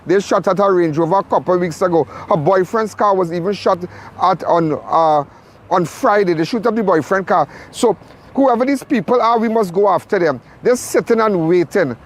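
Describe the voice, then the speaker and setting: A man's voice: high voice, normal speed. A man hosting a crime show, giving urgent, repetitive live commentary from a crime scene.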